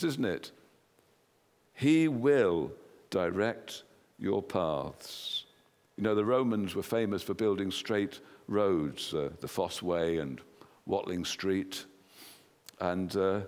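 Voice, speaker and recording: A man with an English accent preaching a sermon in a church, earnestly putting questions to the congregation. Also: lowish voice. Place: church hall. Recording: long hall reverb.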